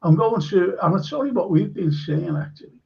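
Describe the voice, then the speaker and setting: A man hosting a casual live-streamed football chat, his slightly high voice carrying a gravelly fry. He hands out blunt, emphatic verdicts padded with fillers, and the sound is dull and lo-fi. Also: lively intonation, fairly quick, dark tone.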